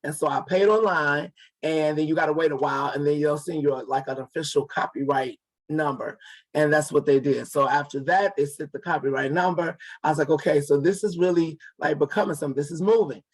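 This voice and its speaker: A man's voice: fairly high pitch, fairly even intonation, brisk. A man in his forties, an author and guest, telling a story casually and acting out the dialogue with many restarts. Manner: acts out quoted dialogue, repeats and restarts words.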